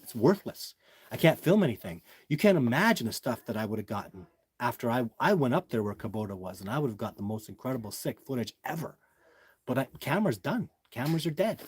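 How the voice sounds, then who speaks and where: A man's voice: on the high side, a little mellow, husky. Emphatic man chatting on a livestream. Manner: emphatic, repetitive, addresses viewers as guys. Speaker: livestream host answering viewer chat. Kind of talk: casual livestream talk.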